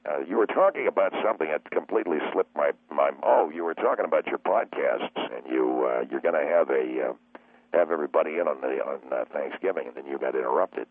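Guy doing super deep old caller on a crappy phone line, keeps forgetting what he was saying. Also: dry recording. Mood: rambling. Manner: halting, full of uhs. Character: rambling, forgetful older male caller.

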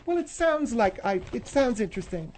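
A woman's voice: a little high, sing-song, normal speed, a little mellow, slight background noise. Indignant, needling woman co-host. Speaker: radio co-host. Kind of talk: casual radio banter.

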